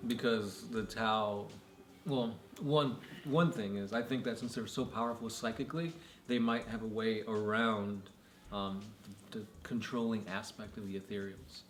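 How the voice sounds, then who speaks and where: A man's voice: lowish voice, fairly even intonation, unhurried. Laid-back man chatting in an echoey room. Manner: casual, laid-back, lots of "like" fillers. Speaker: podcast co-host. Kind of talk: casual chat. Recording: echoey room with faint noise.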